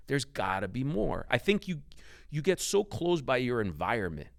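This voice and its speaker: A man's voice: medium pitch, dry recording, clean studio sound. A man speaking as a podcast guest, telling his story emphatically and swearing freely. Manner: emphatic and profane, driving storyteller. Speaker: podcast guest, company founder. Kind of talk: casual interview.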